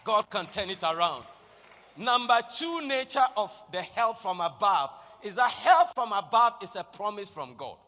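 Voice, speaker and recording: A male preacher with a very high, piercing, brilliant voice delivers an impassioned sermon. His words ring out with a long reverb, as in a large hall. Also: lively intonation, moderate pace. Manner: impassioned, building to shouted declarations.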